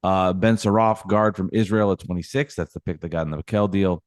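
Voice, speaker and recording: Ranting low-voiced sports podcast man. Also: fairly even intonation, brisk, dry recording, clean studio sound. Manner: emphatic, ranting. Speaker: podcast co-host.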